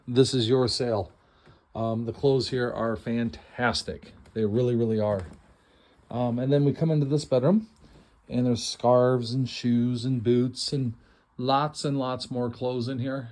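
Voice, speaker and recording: Middle-aged guy walking thru a house, excited and chatty, plain mid voice. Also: medium pitch. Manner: enthusiastic, chatty, self-deprecating. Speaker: estate sale host. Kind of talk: casual video walkthrough. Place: inside a house, walking through rooms.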